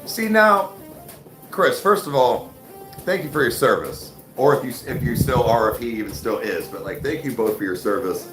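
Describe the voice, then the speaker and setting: With music underneath and a roomy sound, he goes through viewer comments at a moderate pace and medium pitch. The chat stays loose and profane, full of "like," "dude" and "bro."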